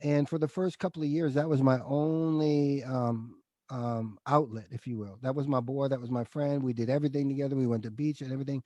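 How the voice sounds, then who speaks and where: A man's voice: mid-range voice, fairly even intonation, brisk, dark tone, no echo, lo-fi sound. A middle-aged man, a guest in an interview, telling his life story candidly and emotionally, often calling the host dude.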